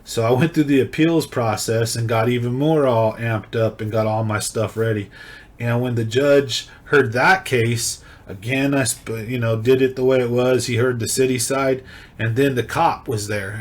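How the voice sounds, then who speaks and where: A man from California hosting a video, casually and excitedly retelling his own story. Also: mid-range voice, normal speed. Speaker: video host.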